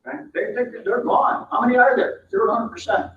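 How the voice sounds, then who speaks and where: A man's voice: extremely high pitch, fast talker, slight background noise. A man giving a seminar lecture on management, punchy and emphatic, often asking the room questions. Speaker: management trainer. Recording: roomy, distant, dull lo-fi sound.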